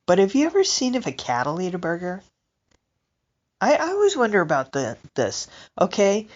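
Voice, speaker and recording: A woman's voice: medium pitch, normal speed, lo-fi sound. A woman doing a stand-up comedy monologue, rambling and asking her listeners questions. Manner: rambling, animated, asks the audience questions. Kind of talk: comic monologue.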